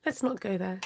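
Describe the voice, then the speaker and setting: A woman's voice: mid-range voice, gravelly, darkish tone, slight background noise. A woman hosting a live craft tutorial, chatty and giggly as she reads out viewer comments. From United Kingdom. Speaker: crafting channel host.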